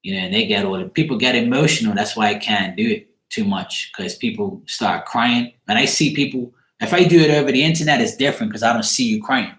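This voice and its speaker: A man's voice: mid-range voice, a little fast, hardly any pauses, a bit bright. A man, a psychic card reader, casually telling a story in his apartment in a loose, profane, rambling way. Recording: echoey room.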